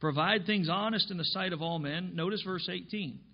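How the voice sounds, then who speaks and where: A man's voice: high voice, normal speed. Emphatic preaching man, dull lo-fi recording. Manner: emphatic preaching, reads scripture aloud. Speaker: pastor. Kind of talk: sermon. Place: church.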